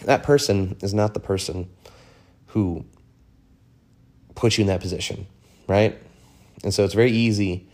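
A man's voice: on the low side, a little mellow. A man hosting a podcast on his own, talking frankly in a rambling, profane way, full of fillers. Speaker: podcast host. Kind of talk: casual solo monologue.

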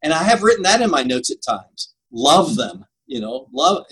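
A man's voice: a little high, big pitch swings, brisk, fairly bright tone, husky, poor audio. An older man answering interview questions about preaching, earnest and emphatic, laughing at himself now and then. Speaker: preaching coach.

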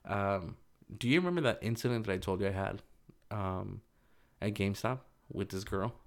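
A man's voice: lowish voice, moderate pace, gravelly. A young man casually telling a personal story, loose and rambling, full of fillers.

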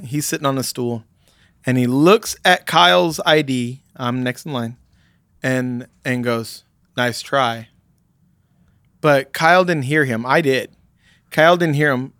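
A man's voice: medium pitch, moderate pace, a bit bright, smooth, no room sound, clean studio sound. A man casually telling a long anecdote, rambling with many fillers and restarts.

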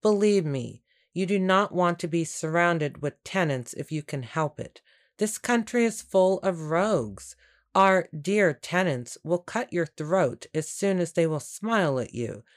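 Audiobook: woman voicing a smooth, dismissive landowner, low-pitched and unhurried. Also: lively intonation. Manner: smooth, self-assured, dismissive. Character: scheming jovial male landowner, middle-aged. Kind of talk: audiobook character reading.

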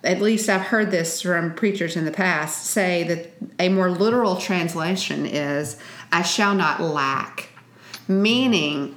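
Lower-voiced woman, earnest teaching. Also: takes it slowly, a bit bright. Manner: earnest, teaching, scripture-quoting. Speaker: co-host and parenting author. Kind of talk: Christian parenting podcast chat. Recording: roomy echo.

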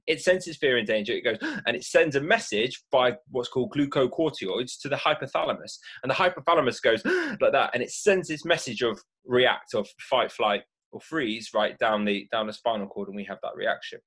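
A man talking as a mindfulness speaker, explaining the brain's stress response in a lively way and acting out reactions with gasps. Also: mid-range voice, normal speed, few pauses, breathy edge. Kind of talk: animated explanatory talk.

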